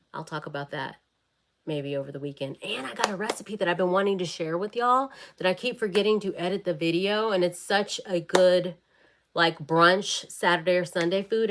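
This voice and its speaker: A woman chatting warmly and bubbly with viewers on a casual livestream. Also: on the low side. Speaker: wellness vlogger and fitness live-streamer.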